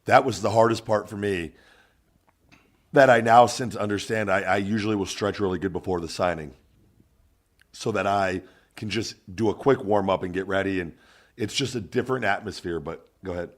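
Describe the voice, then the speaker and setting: A lower-voiced man hosts a casual podcast chat. He breaks in with profane jokes, then talks plainly about getting ready for a match. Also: normal speed. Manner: profane, joking interjections. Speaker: podcast host, wrestler.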